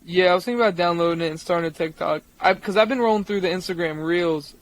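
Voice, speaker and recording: A young man co-hosting a podcast, chatting casually in a relaxed, rambling way with plenty of slang. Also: high-pitched, fast talker, dry recording. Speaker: podcast co-host. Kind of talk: casual chat.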